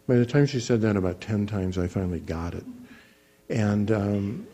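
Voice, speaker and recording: Low husky-voiced guy, doctor telling a patient story, calm and measured. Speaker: physician teaching guided imagery. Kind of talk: storytelling lecture.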